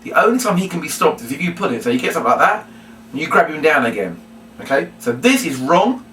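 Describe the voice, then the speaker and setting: A puppetry instructor demonstrates a puppet routine in a tutorial, speaking quickly in a slightly high, very animated, bright and forceful voice. He's chatty and explanatory and keeps repeating his reminders. The roomy recording is captured from a distance, with slight background noise.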